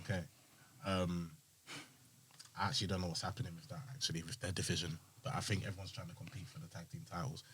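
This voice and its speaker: A man co-hosting a casual wrestling podcast, animated and breaking into loud bursts. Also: sits low, quick pace, a little hiss or hum. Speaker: podcast co-host. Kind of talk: casual chat.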